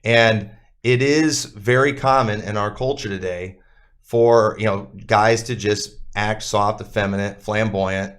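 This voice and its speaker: A man's voice: on the low side, steady tone, a little slow, a bit bright. A man co-hosting a church podcast in casual conversation, talking bluntly and emphatically with many fillers.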